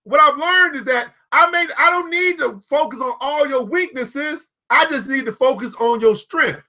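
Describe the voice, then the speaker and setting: A man's voice: extremely high pitch, moderate pace, bright, forceful tone. A man giving a motivational live talk to viewers, preachy and repetitive, calling out people by name and chuckling at his own jokes.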